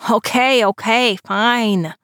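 A woman's voice: fairly high pitch, steady tone, slow pace, a bit bright, clear, resonant tone, no room sound, clean studio sound. A woman voicing an anxious young man who whines and speaks dryly. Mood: whiny. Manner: whiny, sarcastic.

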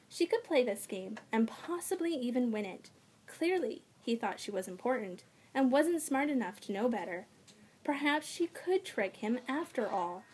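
A woman narrating a children's fantasy audiobook in an expressive storytelling manner. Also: on the high side, unhurried, slightly rough.

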